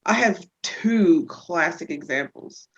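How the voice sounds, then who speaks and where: A woman chiropractor talking about her patients as a guest on a casual podcast interview, telling stories with lively energy. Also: slow, dull audio. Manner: lively storyteller who acts out patients in high voices.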